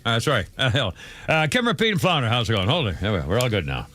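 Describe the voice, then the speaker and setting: A man's voice: mid-range voice, huge pitch swings, fast talker, bright, forceful tone. An older man hosting a talk radio show, rambling loosely through a live-read ad and studio chat full of fillers and asides.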